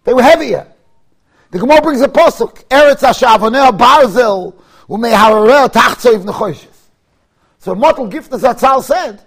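A man teaching a Torah class. He tells stories in an animated way, mixes in Hebrew and Yiddish terms, and rises to emphatic shouts. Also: very high-pitched, moderate pace, creaky, husky.

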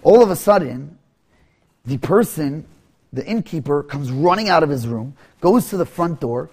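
Halting man telling a lesson story. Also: fairly high pitch, animated, a little mellow. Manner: halting, repeats words and restarts often.

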